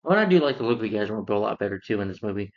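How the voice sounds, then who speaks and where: A man's voice: lowish voice, very animated, rapid-fire. Rambling male film reviewer, lo-fi sound. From lives in Georgia, US. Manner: rambling, filler-heavy retelling of the plot. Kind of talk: casual spoken film review.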